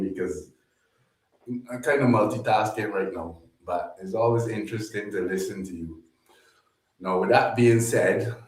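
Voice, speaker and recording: A man calling in remotely as a guest on a livestream, speaking in a polite, measured way. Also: sits low. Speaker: call-in guest. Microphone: remote computer call. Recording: echoey remote call audio.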